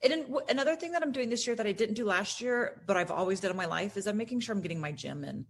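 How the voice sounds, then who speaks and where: A woman from Florida, a guest on a sports podcast, talking in an animated way with lots of fillers and restarts. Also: mid-range voice, fast. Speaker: guest broadcaster. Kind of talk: casual podcast chat.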